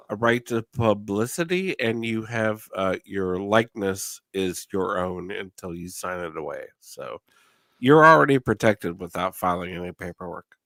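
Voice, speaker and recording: A man's voice: lowish voice, fairly bright tone, dry recording. A man on a casual stream, speaking in a dry, matter-of-fact way.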